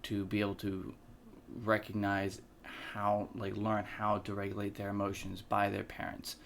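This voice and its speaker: Hesitant man with a lowish voice. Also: completely flat delivery, moderate pace, gravelly, a little hiss or hum. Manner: hesitant, many fillers and restarts. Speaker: podcast co-host. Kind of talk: casual conversation.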